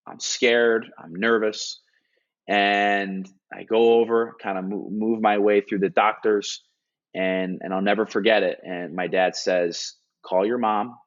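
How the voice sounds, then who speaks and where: A hockey analyst with a fairly low male voice recounts a story in an interview, earnest and animated. Frequent restarts and filler words pepper his speech, captured on dull lo-fi audio.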